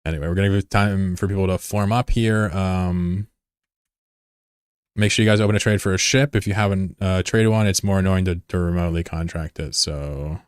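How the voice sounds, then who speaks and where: A man's voice: low-pitched, steady tone, normal speed, clean tone, dry recording, studio quality. A man leading an online game fleet on a live stream, talking casually in a rambling, joking way with plenty of swearing into his desk mic. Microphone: desk microphone.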